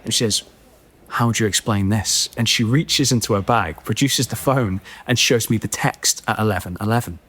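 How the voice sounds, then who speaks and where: A man telling a comic story on a podcast, animated and self-mocking, with many chatty asides. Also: lowish voice, a little fast, few pauses, breathy edge.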